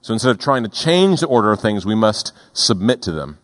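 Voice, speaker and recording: Deliberate man preaching a sermon. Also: fairly low pitch, big pitch swings. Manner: deliberate, emphatic, slows for key words. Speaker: pastor.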